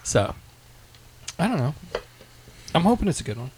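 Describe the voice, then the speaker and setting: A man telling a story in casual chat with friends, animated, swearing and acting out what people said. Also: a little high, normal speed, breathy edge, low-quality recording. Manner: animated storyteller, swears, acts out quoted lines. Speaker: podcast co-host telling a story.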